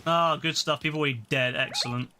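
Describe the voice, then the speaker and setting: Swearing young gamer, bright voice. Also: male voice, fairly high pitch, quick pace, slight background noise. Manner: swears a lot, exasperated, excitable outbursts. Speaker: gaming streamer. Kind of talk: casual gameplay commentary.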